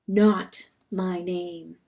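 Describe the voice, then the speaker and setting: A woman's voice: lowish voice, fairly even intonation, extremely slow, gravelly, mellow, heavily acted. Woman reading as an anguished male rooster, strained, weary, storybook reading. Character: tormented sleepless rooster lord, male.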